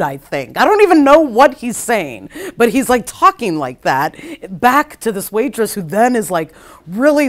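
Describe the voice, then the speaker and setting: A woman's voice: mid-range voice, very animated, moderate pace. A woman psychologist giving a keynote lecture in a casual, chatty way, often saying "like" and acting out quoted speech. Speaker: keynote speaker.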